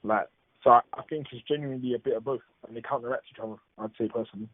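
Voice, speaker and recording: A man talking over a tinny phone line, thinking out loud and hedging his views. His pitch sits in the middle range, and his tone stays casual and easygoing. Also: steady tone, very fast, no room sound. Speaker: panel guest.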